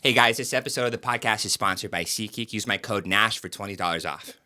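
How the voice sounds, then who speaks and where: A man doing a relaxed, offhand impression of a podcast host reading a sponsor spot. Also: lowish voice, quick pace. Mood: mock-casual. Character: man mimicking the podcast host's sponsor read.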